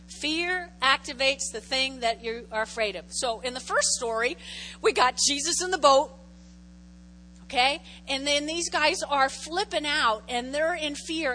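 Animated high-voiced woman teaching the Bible. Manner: animated, acts out voices, asks the audience questions. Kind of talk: lively Bible lesson to a group. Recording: long hall reverb, faint hum.

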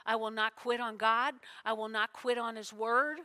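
A woman's voice: on the high side, fairly even intonation, normal speed, pushed and bright. A woman pastor preaching a sermon, emotional and full of call-and-response with her congregation.

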